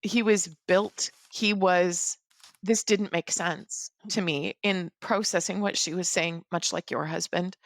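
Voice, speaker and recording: A woman's voice: on the low side, fairly even intonation, vocal fry, no room sound. Earnest woman, dry close sound. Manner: earnest, halting, reflective. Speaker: podcast guest. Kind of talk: personal storytelling in an interview.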